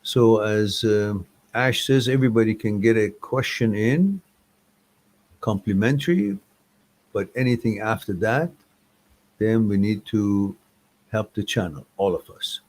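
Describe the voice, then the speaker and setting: A man's voice: lowish voice, unhurried, pauses often, a little mellow, rough recording. A man hosting a live chat stream, talking in a loose, rambling and informal way with hesitant restarts.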